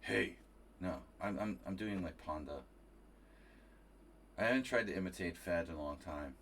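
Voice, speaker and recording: During casual live commentary on his own chess match, a streamer from New Jersey reasons out loud and chats with viewers. His voice sits low but sounds a bit bright, at normal speed, with slight background noise.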